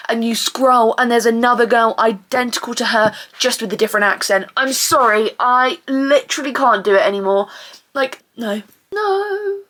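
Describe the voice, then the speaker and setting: A woman, ranting exasperatedly in a vlog, swearing a lot and now and then breaking into shouts. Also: on the high side, fairly even intonation, normal speed. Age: 20s. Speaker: vlogger. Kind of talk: venting vlog rant.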